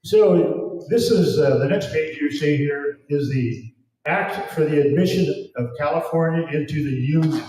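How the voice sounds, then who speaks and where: A man's voice: on the high side, a little slow, dark tone. A man giving a fervent, emphatic public lecture at an event, with a preachy edge. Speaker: event speaker. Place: event hall. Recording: very echoey hall, distant mic.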